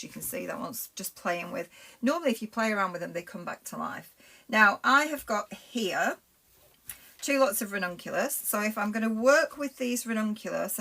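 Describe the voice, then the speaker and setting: A woman's voice: mid-range voice, gravelly, fairly bright tone. A middle-aged woman with a Lancashire accent, chatting through a live craft demonstration and talking to viewers as she works. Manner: chatty, rambling, talks to viewers while working with her hands. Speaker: craft presenter.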